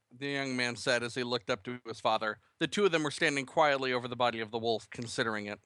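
A man's voice: mid-range voice, fast talker, sharp tone, no echo. A man co-hosting a writing podcast who chats casually and reads a comic short story aloud, laughing often. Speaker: podcast co-host and writer. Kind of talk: casual chat and story reading.

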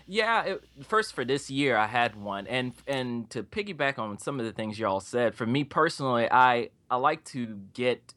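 A man's voice: mid-range voice, expressive, normal speed, hardly any pauses, bright, forceful tone. A man talking on a comics panel, hesitant and repeating his words. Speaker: comic creator. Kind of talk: casual panel chat.

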